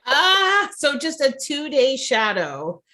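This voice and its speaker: A woman's voice: high voice, very animated, slow, sharp tone. A woman hosting a podcast interview, reflecting back on what the guest said and asking follow-up questions. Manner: reflective, sums up the guest's point. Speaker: podcast host. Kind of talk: interview conversation.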